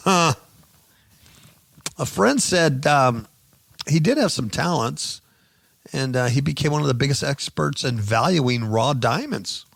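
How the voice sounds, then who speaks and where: A man's voice: medium pitch, vocal fry, breathy edge, dry recording, studio quality. A man hosting a radio show, giving sarcastic, mocking commentary on news stories.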